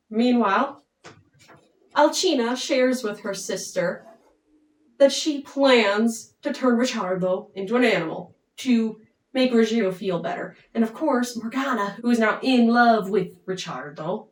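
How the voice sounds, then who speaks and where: A young woman casually retelling an opera plot in a chatty, playful way. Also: a little high. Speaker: opera summary storyteller. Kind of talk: casual storytelling. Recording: roomy, distant mic.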